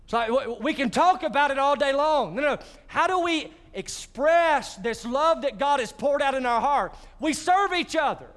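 A man's voice: very high voice, lively intonation, normal speed, few pauses, fairly bright tone. A male pastor, preaching a sermon in a church and talking directly to his congregation. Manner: conversational preaching with asides to the congregation. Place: church sanctuary.

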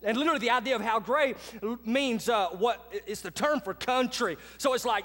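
A high-voiced man delivers a sermon from the pulpit. He keeps a casual, conversational tone but pushes his key lines with force. His voice rings out in a large hall with a long reverb tail. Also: moderate pace, few pauses. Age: adult with children. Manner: conversational preacher, swings between quiet asides and loud emphatic lines. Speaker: pastor.

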